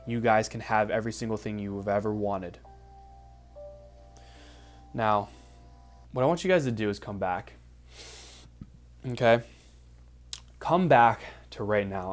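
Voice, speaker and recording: A man leading a guided visualization as a motivational speaker, emphatic and repetitive, rising to excited peaks. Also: fairly low pitch. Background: faint background music.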